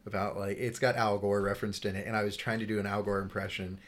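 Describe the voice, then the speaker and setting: A young man who is a guest on a casual podcast, excitable and swearing freely as he retells stories. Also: lowish voice, quick pace, slight background noise. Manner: excitable, swears freely, mimics himself in quotes. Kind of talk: casual chat.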